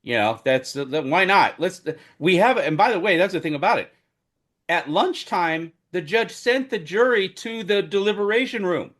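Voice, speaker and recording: Man, podcast co-host, animated storyteller, fairly high voice, booms when excited. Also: moderate pace. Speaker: podcast co-host who covered a trial as media. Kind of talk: casual podcast chat.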